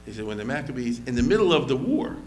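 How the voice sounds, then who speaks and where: A man's voice: mid-range voice, fast, slight background noise. Conversational man lecturing on history. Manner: conversational, lively quoted voices, frequent fillers and restarts.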